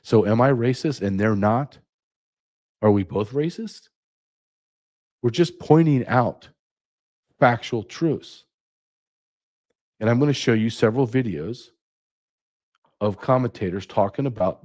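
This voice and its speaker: A man's voice: medium pitch, a little mellow. A man hosting his own show, delivering an indignant opinion monologue with sarcastic asides. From United States. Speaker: podcast host.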